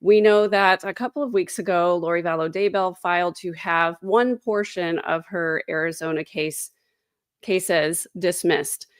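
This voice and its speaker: A woman's voice: on the low side, steady tone, measured pace, clear, resonant tone, dry recording, clean studio sound. A woman hosting a casual true crime livestream from home, chatty and sarcastic. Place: home, indoors. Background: dogs.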